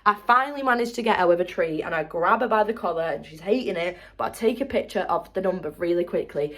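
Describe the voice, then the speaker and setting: A woman's voice: lowish voice, fast. Chatty sweary young woman vlogger. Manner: chatty, animated, sweary storytelling. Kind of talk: casual storytelling vlog.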